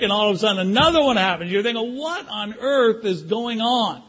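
An older man preaching a sermon as pastor, animated, acting out prayers and pleas in different voices. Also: sits high, brisk, few pauses, slightly rough, dull audio.

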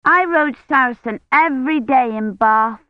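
A woman's voice: high-pitched, moderate pace, dry recording, voice pushed up, close to an everyday voice. A woman doing an eager stubborn little girl. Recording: dull dry lo-fi recording.

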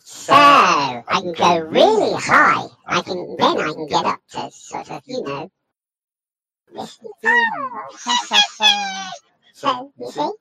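A man speaking through a pitch-shifter voice morpher, playfully showing off a high, girlish, artificial-sounding voice. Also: huge pitch swings, slow pace, vocal fry, over a noisy crowd, exaggerated voice. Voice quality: artificial, robotic. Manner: playful, demonstrating.

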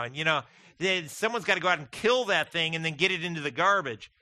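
A man preaching a sermon to his congregation, folksy and animated, mixing stories and humor with scripture. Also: fairly high pitch, brisk, no echo. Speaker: pastor.

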